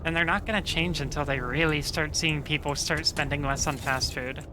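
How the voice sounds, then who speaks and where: A woman streamer chatting casually with viewers while playing, relaxed and profane, rambling with lots of fillers. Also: deep voice, normal speed, noisy background. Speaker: game streamer. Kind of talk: casual stream chat reading viewer messages.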